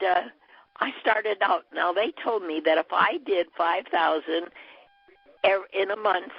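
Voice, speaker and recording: A woman's voice: on the low side, creaky, slightly rough, dry recording. An older woman, a bra business distributor, telling a long chatty story on a call, with many fillers. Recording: muffled telephone line.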